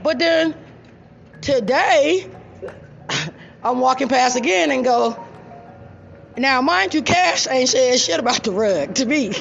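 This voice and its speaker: A woman tells a story to an audience casually, blunt and profane, laughing often. Her high, gravelly voice is expressive and slow, with long pauses. The recording is dull and lo-fi.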